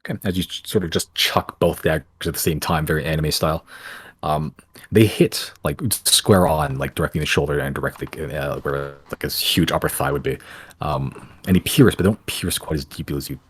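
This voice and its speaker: Very deep-voiced man running a game. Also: fairly quick, fairly bright tone, breathy edge, no room sound. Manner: loose, filler-heavy description. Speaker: game master. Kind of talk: narrating a tabletop game.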